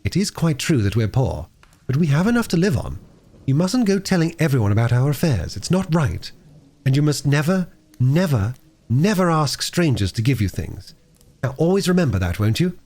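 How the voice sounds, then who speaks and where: A man's voice: mid-range voice, sing-song, moderate pace, a little mellow, pitched above the performer's own voice. A man reading an audiobook voices a loving mother of three, tenderly scolding her children. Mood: tender firm. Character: gentle mother of three, firm but loving.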